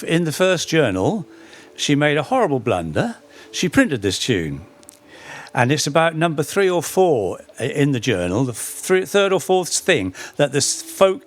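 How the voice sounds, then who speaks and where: A middle-aged man giving an anecdotal talk on folk history, with dry humour and frequent self-corrections. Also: medium pitch. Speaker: speaker giving a public talk.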